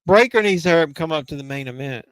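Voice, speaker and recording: A man hosts a live wrestling watch-along in a casual, excitable, heckling way, with a voice that is wearing down. His voice sits fairly high and comes across smooth and clear. The sound is dry and close. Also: no room sound. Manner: excitable, blunt and heckling, with quick asides and swearing. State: losing his voice. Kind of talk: casual live reaction commentary.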